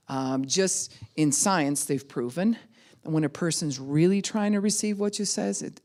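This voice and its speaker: A woman pastor teaching a class in a conversational way, acting out other people's words in quick voices. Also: low voice. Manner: conversational, with frequent "you know" and "right?".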